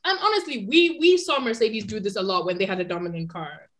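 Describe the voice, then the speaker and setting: A woman talking casually on a podcast, chatty and animated, laughing easily as she discusses. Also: medium pitch, fast. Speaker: podcast co-host. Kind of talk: casual chat about motor racing.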